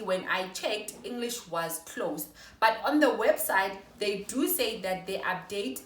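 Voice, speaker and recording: A young South African woman giving a casual how-to talk to her viewers, chatty and quick to correct herself. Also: medium pitch, a bit bright, distant mic. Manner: chatty, apologetic self-corrections. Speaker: vlogger. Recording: echoey room, voice off-mic.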